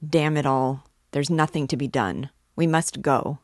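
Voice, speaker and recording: A woman's voice: low voice, unhurried, no room sound, clean studio sound. A woman reading aloud, voicing an impatient man visitor who grumbles and curses. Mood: irritated. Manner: grumbling, cursing.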